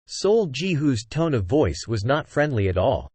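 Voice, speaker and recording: A man reads a fantasy novel aloud in steady storytelling. His pitch moves up and down a lot. The sound is dry and close, with no room echo. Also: measured pace, hardly any pauses, breathy edge. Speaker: audiobook narrator. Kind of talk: scripted novel narration.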